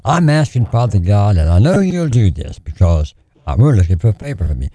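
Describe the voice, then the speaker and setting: A male radio preacher with a low, dark, mellow voice that rises and falls a great deal as he prays and preaches. He pleads and repeats phrases in a steady preaching cadence, recorded close and dry in the studio. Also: brisk, dry recording. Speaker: radio preacher taking prayer calls.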